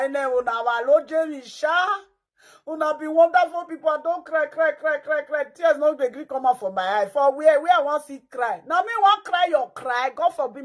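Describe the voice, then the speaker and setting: A woman with a Nigerian Pidgin accent giving dramatic, mocking commentary, breaking into chants and mock cries. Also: high-pitched.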